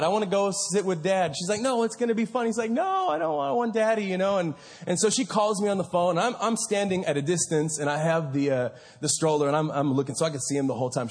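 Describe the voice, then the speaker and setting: A man in his thirties gives a casual, storytelling sermon, full of fillers and quick restarts. His voice sits fairly high and a touch husky. It rings out in a large reverberant sanctuary. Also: darkish tone. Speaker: pastor. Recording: reverberant hall.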